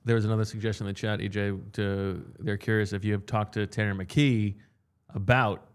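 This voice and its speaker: A man's voice: on the low side, flat delivery, brisk, clean tone. A man hosting a casual sports podcast, reading listener questions from the chat and teasing his co-hosts with dry humor. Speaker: podcast host.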